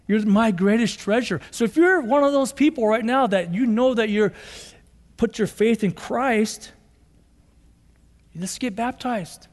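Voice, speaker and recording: A man's voice: high voice, normal speed. A man preaching a sermon as pastor in a conversational way, acting out quotes and repeating lines for emphasis. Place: church sanctuary. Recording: long church reverb.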